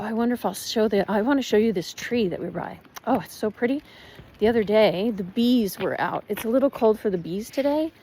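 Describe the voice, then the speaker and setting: A woman chatting casually while walking her dog outdoors, rambling and switching into halting German. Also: medium pitch, mellow, slight background noise. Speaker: vlogger. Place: outdoors in a neighborhood.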